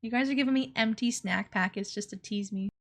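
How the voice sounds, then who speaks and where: Young woman streamer, high bright voice, giggly, loud and excitable chat. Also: a little fast. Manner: laughs often, excitable and loud. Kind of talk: casual livestream chat.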